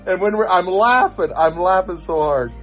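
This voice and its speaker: A man's voice: sits high, moderate pace, highs cut off, faint music behind. An older man co-hosting a podcast, telling a story in casual chat and acting out the dialogue. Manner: animated storyteller, acts out the dialogue. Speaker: podcast co-host.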